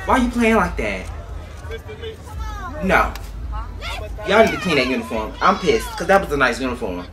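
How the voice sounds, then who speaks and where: A man's voice: fairly high pitch, sing-song, fairly quick, long pauses, some chatter behind, slight background noise. A man gives sassy, emphatic reaction commentary while reviewing a dance team's performance. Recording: voice over loud band music.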